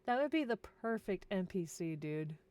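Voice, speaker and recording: A woman's voice: mid-range voice, expressive, moderate pace, darkish tone. A tired woman streaming a worldbuilding session, chatting casually, giggling often and talking to her pets.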